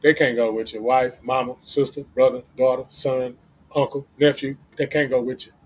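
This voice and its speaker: A man's voice: medium pitch, level tone, normal speed, darkish tone, a little hiss or hum. A man hosting a livestream, giving casual motivational talk in a blunt, profane, repetitive way. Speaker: livestream host.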